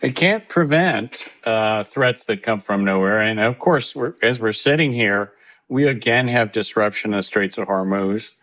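Lower-voiced man explaining as a guest. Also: a bit bright. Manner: measured, explanatory. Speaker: economist guest. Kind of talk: interview answers.

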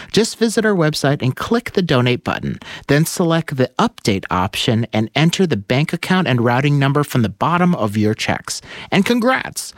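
A male station announcer reads a scripted fundraising message with a lively, rising and falling voice. His tone is upbeat and friendly, recorded dry and close. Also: mid-range voice, dry recording.

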